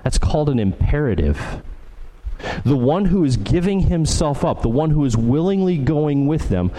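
A man's voice: on the high side, sing-song, normal speed, dark tone, a little hiss or hum, low-quality recording. A man preaching a verse-by-verse sermon as pastor, earnest and building emphasis through repeated phrases. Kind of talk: expository sermon.

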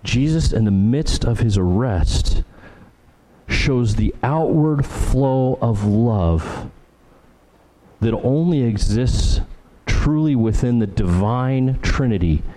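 Man, pastor, expository sermon, slow pace, earnest repetitive emphasis. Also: medium pitch, expressive, warm tone, poor audio.

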